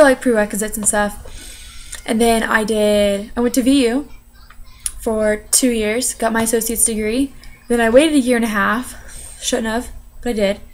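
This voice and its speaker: A young woman, an interpreting student, telling her story in a casual, chatty way with many fillers. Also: fairly high pitch. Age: young adult. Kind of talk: casual personal account.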